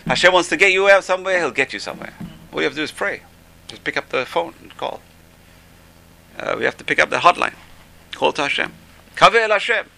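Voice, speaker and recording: Gravelly male teacher with a very bright tone, enthusiastic informal religious class. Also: a little high, fast talker, pauses often, a little hiss or hum, low-quality recording. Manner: enthusiastic, repeats "amazing". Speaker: Torah teacher.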